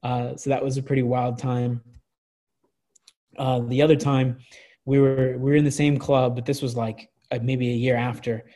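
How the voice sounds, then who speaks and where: A man's voice: mid-range voice, flat delivery, normal speed, warm tone. A man in his twenties telling party stories in casual chat, rambling with lots of restarts and swearing. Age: 20s. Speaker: guest.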